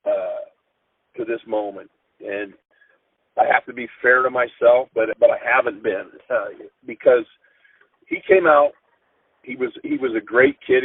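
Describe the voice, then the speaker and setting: A middle-aged man, a football coach, telling an emotional story in an interview, earnest and halting with frequent restarts. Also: on the low side, slightly rough, no room sound. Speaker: high school football coach. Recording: tinny phone-line sound.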